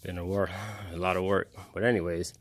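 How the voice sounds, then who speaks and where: A man's voice: low voice, level tone, a little fast, background noise. A man casually walking through a car restoration project in a garage vlog, talking in a plainspoken, rambling way. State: out of breath. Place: home garage workshop.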